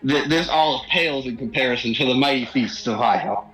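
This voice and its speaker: A man's voice: mid-range voice, brisk, a bit bright, roomy sound, rough recording. A man playing a tabletop game, speaking in character in an emphatic, lofty way. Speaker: player. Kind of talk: in-character role-play chat.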